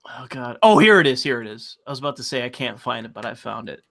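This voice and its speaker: Bright-voiced man ranting about politics. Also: mid-range voice, big pitch swings, quick pace, gravelly. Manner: profane, ranting, repeats words. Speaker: host. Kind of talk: casual political chat.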